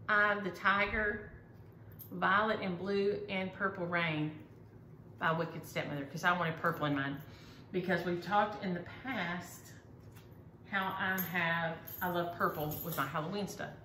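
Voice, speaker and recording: A middle-aged woman who vlogs about needlework chats casually and enthusiastically while showing her work. Her voice is lowish and sharp, with fairly even intonation and a slow pace. The room is echoey, with faint ambient noise.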